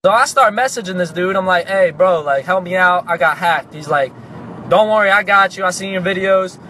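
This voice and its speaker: A young man casually telling a comic story, animated and profane, breaking into sudden shouts. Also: sits high, fairly quick, a little hiss or hum. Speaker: comedic storyteller.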